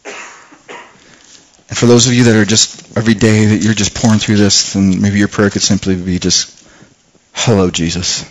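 A man preaching a sermon in an earnest, halting way, often restarting his words and dropping soft when he prays. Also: on the low side, flat delivery.

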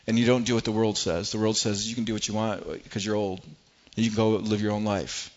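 A man's voice: lowish voice, level tone, brisk, highs cut off. A middle-aged man preaching a sermon as pastor, earnest and prone to repeating words as he builds his points.

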